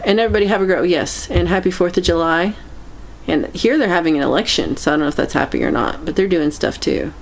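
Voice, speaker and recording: A woman hosting a casual livestream chat, meandering and halting as she reacts to viewer comments. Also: fairly low pitch. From United States. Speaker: livestream host.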